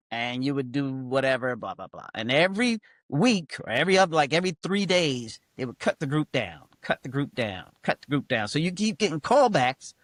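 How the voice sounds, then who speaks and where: An older man, a comedian, tells an animated, wry story about his own past. His voice sits a little high for a man, and he slips into quoted voices as he goes. The sound is close and dry, with no room echo. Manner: animated, acts out quoted voices, many fillers like blah blah; wry, self-mocking humor. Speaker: comedian guest. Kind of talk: storytelling anecdote in casual chat.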